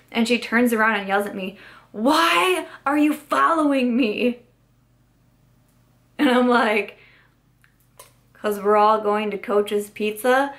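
A woman's voice: mid-range voice, a bit bright. A young woman tells a long storytime while doing her makeup at home, speaking close to the camera. She talks in a chatty, exasperated way, filling her sentences with "like" as she relives an old friendship falling apart. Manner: chatty, exasperated retelling with many "like"s. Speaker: beauty vlogger. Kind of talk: get-ready-with-me storytime.

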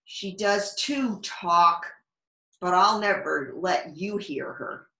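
A woman's voice: fairly low pitch, pushed and bright, exaggerated voice. A woman voicing a stubborn, secretive young boy in a storybook reading. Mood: insistent. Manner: insistent, slow and stubborn. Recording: echoey room.

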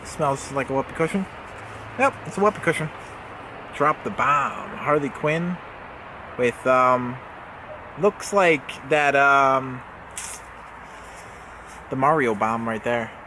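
A man's voice: mid-range voice, expressive, takes it slowly, pauses often, background noise. A young man vlogging as he unboxes a subscription box, rambling and jokey, often correcting himself. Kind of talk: casual unboxing vlog.

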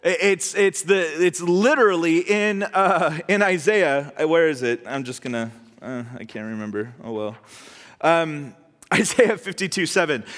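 Male pastor, high lively voice, chatty joking sermon, long hall reverb. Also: measured pace. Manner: conversational, animated, voices God humorously. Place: church hall.

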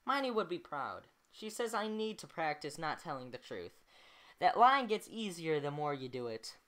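A woman reads a novel aloud in an amateur recording, her voice on the low side yet lively, rising and falling a lot. She is chatty and breaks off to comment on the text and laugh at her own slips. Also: moderate pace. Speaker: amateur reader. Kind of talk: reading a novel aloud with asides.

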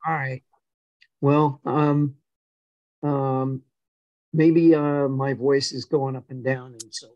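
A man's voice: medium pitch, takes it slowly, no room sound, muffled recording. An older man, a guest on a video call, telling his life story casually and acting out the dialogue with stammered repeats. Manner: animated, acts out quoted dialogue with stammered repeats.

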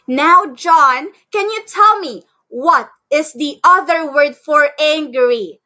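A woman's voice: high voice, slow pace, sharp tone, muffled recording. A woman teaching a one-on-one English lesson over a video call, drilling words for the student to repeat and praising each answer. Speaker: online English tutor. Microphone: headset or computer mic on a video call.

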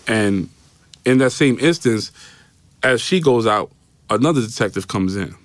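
This guest, a low-voiced New Yorker, is animated yet unhurried while recounting his personal story in a podcast studio. He impersonates the people he quotes, repeats himself freely, and leans on "right?". There's no echo on the studio mic.

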